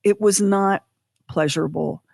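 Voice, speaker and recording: A woman co-hosting a podcast, telling a personal story in an animated, self-deprecating way with acted-out quotes. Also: mid-range voice, unhurried, creaky, no echo, studio quality. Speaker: podcast co-host.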